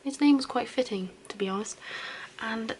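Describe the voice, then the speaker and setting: A young woman doing a whispered role-play as a caring best friend, soft, chatty and reassuring. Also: fairly high pitch, normal speed, a little hiss or hum, poor audio. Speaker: ASMR host playing a caring best friend.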